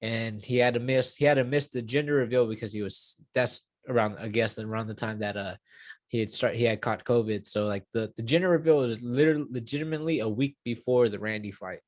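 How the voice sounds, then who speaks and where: A man's voice: mid-range voice, a little fast, no room sound. A young man in his twenties talking casually in an interview, rambling with many fillers and restarts and swearing now and then. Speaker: UFC fighter.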